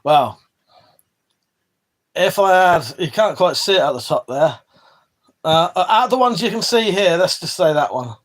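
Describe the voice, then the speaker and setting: Speaking a little slowly and pausing often, an English livestream host uses a high voice with lively intonation. He reads viewer chat in a casual, loose way from a room whose wall holds a weapon collection, swearing freely, rambling, and trailing off mid-sentence.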